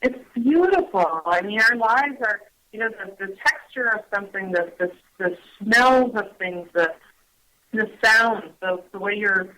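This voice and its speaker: A woman speaks gently on a radio talk show, searching for her words with frequent pauses and restarts. Her voice has a bright, clear edge at a medium pitch. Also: rough recording. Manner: gentle, hesitant, full of ums and restarts. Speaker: guest on mindfulness. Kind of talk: casual radio chat.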